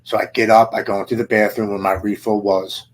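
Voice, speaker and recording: Guy in his 40s, lowish husky voice, telling his story slow and earnest, lots of restarts. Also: flat delivery, low-quality recording. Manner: earnest storytelling, halting restarts and present-tense retelling. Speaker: podcast guest. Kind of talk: emotional personal testimony.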